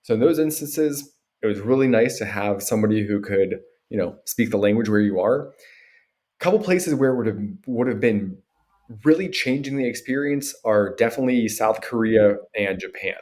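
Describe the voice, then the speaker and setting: A man from Pennsylvania with an American accent, a podcast guest telling stories in a relaxed way and acting out quotes. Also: on the low side, moderate pace. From Pennsylvania, USA. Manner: relaxed storytelling with acted-out quotes. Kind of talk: casual conversational interview.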